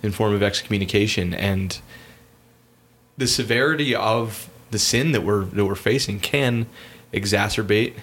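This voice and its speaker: Low-voiced man co-hosting a podcast. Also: a bit bright. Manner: playful, quick to jump in. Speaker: podcast co-host. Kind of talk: casual podcast chat.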